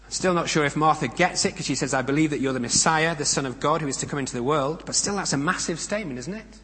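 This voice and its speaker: Male preacher, slightly high voice, measured and emphatic, rhetorical questions, long church-hall reverb. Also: bright, forceful tone. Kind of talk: sermon.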